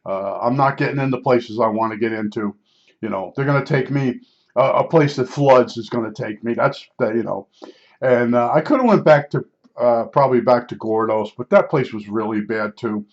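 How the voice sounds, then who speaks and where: A man's voice: mid-range voice, moderate pace. Older man telling a rambling story. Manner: rambling, repeats himself, many fillers. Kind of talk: casual storytelling. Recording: slightly dull lo-fi sound.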